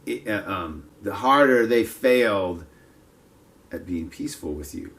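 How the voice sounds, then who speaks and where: Fifties male vlogger, lowish voice, digressive and self-mocking, outdoor walk-and-talk. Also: expressive, unhurried, a bit bright. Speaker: martial arts vlogger. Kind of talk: casual rambling monologue. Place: outdoors, with passers-by around.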